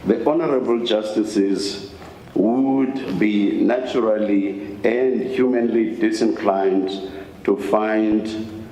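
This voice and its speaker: A man questioning counsel from the bench in a courtroom, deliberately reading out quoted phrases and stressing them. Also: on the low side, fairly even intonation, warm tone. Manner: slow, deliberate, reads quoted phrases with emphasis. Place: large courtroom. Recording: echoey court hall, faint hiss.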